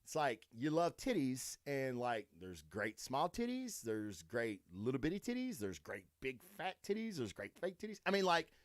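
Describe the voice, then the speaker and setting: A man's voice: medium pitch, huge pitch swings, normal speed, hardly any pauses, no room sound, clean studio sound. A man hosting a podcast, talking in a crude, rambling way and swearing constantly. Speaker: podcast host. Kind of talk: profane casual monologue.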